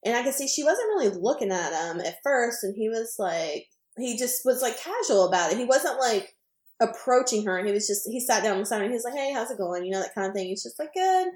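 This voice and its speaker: A woman's voice: on the high side, fairly quick, echoey room. A woman podcast co-host telling a casual anecdote, rambling with lots of fillers as she acts out what people said. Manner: rambling, filler-heavy, animated retelling.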